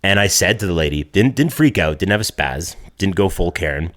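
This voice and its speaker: Deep-voiced man ranting casually. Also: lively intonation, a little fast, fairly bright tone. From Canada. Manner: profane, ranting storyteller. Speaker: podcast co-host. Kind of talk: casual podcast chat.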